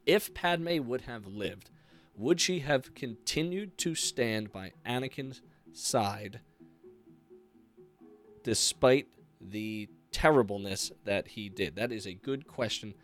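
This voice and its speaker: A man's voice: mid-range voice, expressive, takes it slowly, soft background music. A male podcast host giving an enthusiastic, casual recap of a comic, with fillers and asides.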